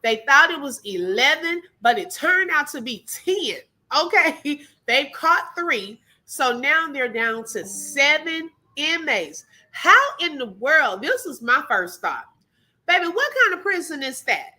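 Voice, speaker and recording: A woman's voice: sits high, measured pace. A woman hosting a live stream, reacting in casual commentary. She talks animatedly and laughs often. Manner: animated, laughs often, calls viewers "baby" and "girl". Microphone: live-stream mic.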